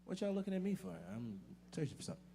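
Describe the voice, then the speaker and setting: A man's voice: sits high, big pitch swings, very fast, gravelly, mellow, a little hiss or hum. A man fronting a blues band, out of breath and joking with the crowd between songs. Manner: joking, rambling, chatty with the crowd. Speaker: blues bandleader and singer. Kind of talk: stage banter between songs. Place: blues club stage.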